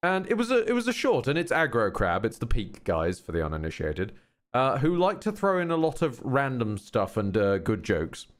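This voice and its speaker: Lively rambling male game streamer. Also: mid-range voice, moderate pace. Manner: rambling, chatty, full of restarts. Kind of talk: casual game commentary.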